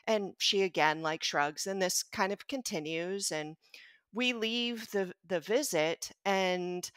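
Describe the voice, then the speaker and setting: Speaking as a guest on a podcast, a middle-aged pediatrician shares a personal story in a conversational, earnest, reflective manner, livening up whenever she quotes someone. Her voice is lowish, smooth, and unhurried, recorded with clean studio sound and no room sound.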